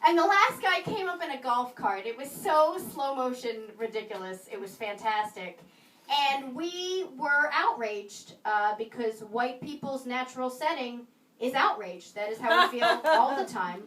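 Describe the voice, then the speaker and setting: A woman performing a stand-up comedy set, with wry, sarcastic asides and pauses before punchlines. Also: sits high, animated, a bit bright, slight background noise. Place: small comedy venue in a video store, live audience. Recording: roomy live room, mic a bit distant, audience laughter.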